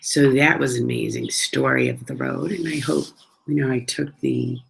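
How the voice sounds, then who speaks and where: Gravelly-voiced woman telling road stories. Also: rumbling low, moderate pace, slight background noise, rough recording. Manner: chatty, animated, acts out quoted dialogue. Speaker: travel storyteller. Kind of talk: casual personal storytelling.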